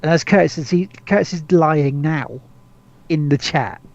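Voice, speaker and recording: A man's voice: fairly high pitch, moderate pace, muffled recording. A man hosting a podcast in casual chat, rambling with lots of restarts, swearing and laughs. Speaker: podcast host.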